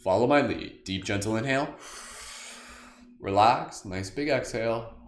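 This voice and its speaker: A man's voice: on the low side, measured pace, roomy sound. A man hosting a live group meditation in a casual, joking way, rambling with lots of "like". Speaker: meditation host. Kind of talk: casual guided meditation livestream.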